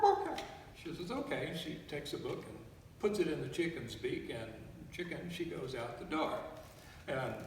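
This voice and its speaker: Animated man telling jokes in an echoey hall. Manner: animated storyteller, lively pitch. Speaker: folk musician telling jokes. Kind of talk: casual joke telling. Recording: echoey hall from far off, faint noise.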